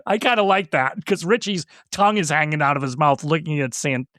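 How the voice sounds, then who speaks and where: A man co-hosting a casual movie podcast, recapping scenes with a lively voice. His pitch swoops up and down for emphasis, and the recording is dry and close. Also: brisk, no echo. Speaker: podcast co-host.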